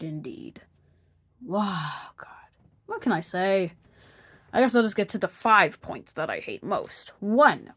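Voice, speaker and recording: A woman narrating an opinion review of cartoon episodes, sarcastic and exasperated, sometimes dropping to a mutter. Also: mid-range voice.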